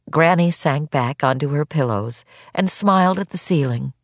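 A woman narrating an audiobook chapter in an unhurried, expressive reading. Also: a bass voice, dry recording. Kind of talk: scripted narration. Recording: dry close studio sound.

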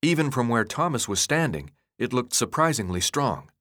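Expressive male audiobook narrator, dry sound. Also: mid-range voice, moderate pace, no echo. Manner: expressive, dramatic reading. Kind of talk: scripted narration.

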